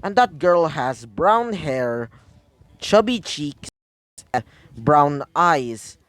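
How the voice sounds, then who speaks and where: A man improvises a fan story, rambling and restarting with many fillers. His pitch is fairly high and swings about. Dry, close recording. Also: sing-song, extremely slow, a bit bright, no echo.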